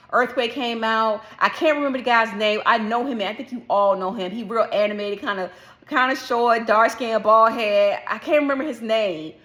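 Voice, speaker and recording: A woman vlogger chatting casually about a solo trip, telling the story with lively acted-out reactions. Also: a little high. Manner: animated storytelling, acts out her own past reactions. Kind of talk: casual chat.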